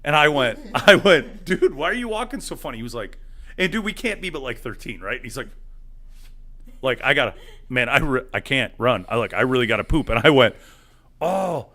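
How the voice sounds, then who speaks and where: A man's voice: mid-range voice, sing-song, fairly quick, pushed and bright. A man in his thirties, a co-host telling a story in casual chat, laughing and acting out the voices of the people in it. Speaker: podcast co-host.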